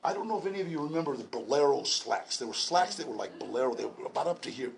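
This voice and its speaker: A man in his sixties telling his story at a recovery meeting, animated and laughing, with shouted bursts. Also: medium pitch, quick pace, creaky, slight background noise. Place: large indoor meeting room.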